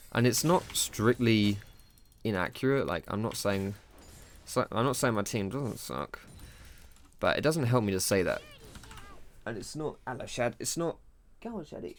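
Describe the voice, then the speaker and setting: A man's voice: lowish voice, lively intonation, moderate pace. A young man commentating his own gameplay live, self-critical and rambling, with casual slang and swearing. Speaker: gaming streamer.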